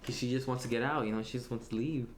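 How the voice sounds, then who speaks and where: A man's voice: mid-range voice, fairly even intonation, quick pace. A man directing a casual film commentary, chatty and laughing often. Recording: echoey room with faint noise.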